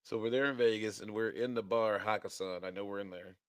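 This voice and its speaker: A podcast co-host with a lowish, resonant male voice speaks fairly quickly in a steady, clear tone, with no room sound. In casual chat he tells a story, laughing often and acting out the dialogue of the people involved.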